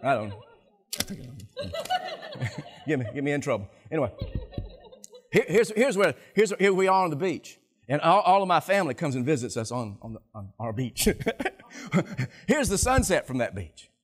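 Older male pastor preaching, husky and animated. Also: on the high side, fairly quick. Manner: animated, laughing, talking to the congregation. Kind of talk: sermon.

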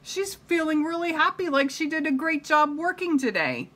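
A woman reading a picture book aloud to children, pausing to comment and ask them questions. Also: high voice, big pitch swings, fairly bright tone. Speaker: reader.

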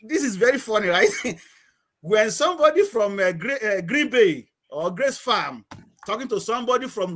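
A man's voice: high voice, big pitch swings, normal speed, a bit bright. A middle-aged man from Nigeria, a guest chatting casually in an interview, rambling, repeating words and laughing often.

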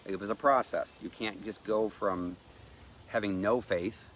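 A man's voice: lowish voice, steady tone, unhurried, fairly bright tone, slight background noise. A man preaching in an emphatic sermon style, reading scripture aloud and exhorting listeners.

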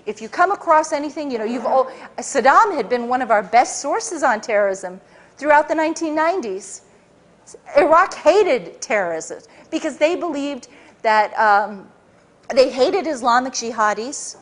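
A woman author giving a talk to a live audience, telling her story in an animated way with many restarts. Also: fairly high pitch.

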